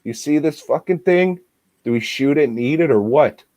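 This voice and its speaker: A man's voice: a little high, expressive, normal speed, warm tone, no room sound, pitched above the performer's own voice, natural voice. A man doing a baffled, swearing ex-pop star. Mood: incredulous. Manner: swearing, disbelieving questions. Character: baffled washed-up male ex-pop star, crude and incredulous.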